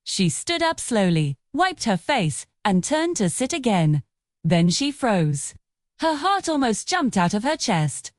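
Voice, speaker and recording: A woman's voice: a little high, very animated, slow, no room sound, studio quality. A woman narrating a folktale in a dramatic, vivid way. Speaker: storyteller.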